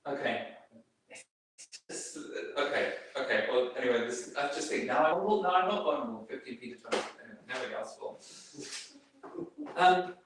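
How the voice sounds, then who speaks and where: A man's voice: mid-range voice, expressive, fairly quick, pauses often, a bit bright, a little hiss or hum. A man giving an informal talk to a group, rambling through many fillers and restarts. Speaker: speaker giving a workplace talk. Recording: very echoey room, speaker far from mic.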